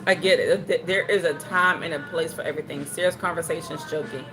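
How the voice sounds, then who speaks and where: A young woman hosts a livestream from home over background music, her voice low and her pace quick. She reads out viewer comments and jokes around in casual chat, animated and playful, slipping into silly put-on voices.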